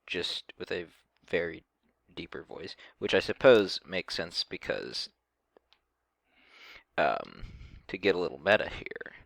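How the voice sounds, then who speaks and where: A man's voice: low voice, sing-song, slow, creaky, fairly bright tone, no echo, studio quality. A man casually commenting on a video in a hesitant way, with many ums and restarts. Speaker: reaction video host.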